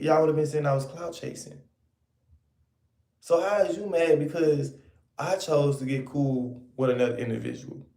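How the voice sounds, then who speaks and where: A man rants at his viewers in a sassy, scolding way, circling back to the same points again and again. His voice is gravelly and mellow. The sound carries the echo of a bare room. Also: a little high. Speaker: online commentator. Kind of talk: ranting commentary to viewers.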